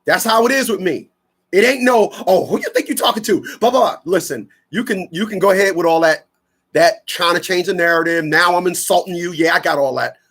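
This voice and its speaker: A man's voice: sits high, fairly quick, fairly bright tone. A man from Newark, hosting a radio talk show in a blunt, rambling, preachy monologue full of slang. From Newark, New Jersey.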